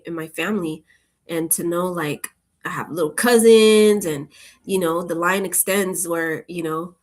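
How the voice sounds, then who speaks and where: A woman chatting casually with her viewers, rambling from one thought to the next in a relaxed, upbeat way. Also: fairly low pitch. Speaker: channel host.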